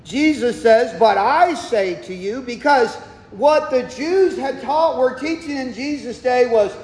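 A man's voice: very high-pitched, animated, a little slow. A man preaching a sermon as pastor, stressing points emphatically and answering his own questions. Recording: echoey hall, long reverb.

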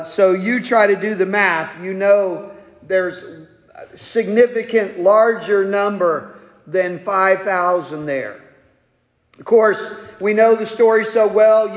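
A man preaching a sermon to his congregation as their pastor, folksy and jokey in his asides. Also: high voice. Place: church sanctuary. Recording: echoey hall.

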